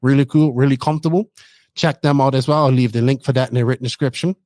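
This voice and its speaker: A man's voice: mid-range voice, fairly even intonation, fast, a little mellow, dry recording. A man hosting a podcast, chatting casually and teasing his co-host. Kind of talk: casual chat.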